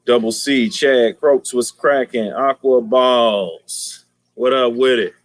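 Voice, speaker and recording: A man's voice: medium pitch, fairly even intonation, slow, no echo. A man hosting a casual aquarium livestream, talking in slang and greeting viewers by name.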